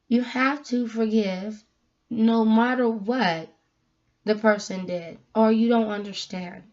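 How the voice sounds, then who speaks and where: A woman vlogger giving a casual spiritual talk, animated and emphatic as she tells stories. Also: a little high, takes it slowly. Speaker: vlogger giving a faith message. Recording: dull lo-fi recording.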